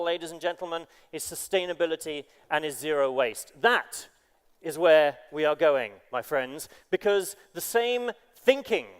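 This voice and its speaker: Man, motivational keynote, emphatic, very lively pitch, echoey conference hall. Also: smooth. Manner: emphatic, fires rhetorical questions at the audience. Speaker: keynote speaker.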